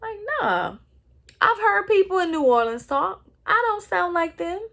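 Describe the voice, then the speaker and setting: A woman's voice: extremely high pitch, lively intonation, normal speed, creaky, fairly bright tone. A woman with a Texan accent, hosting a solo podcast and speaking earnestly and with passion. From Southeast Texas. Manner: impassioned, earnest. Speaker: podcast host. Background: no other speakers or sounds.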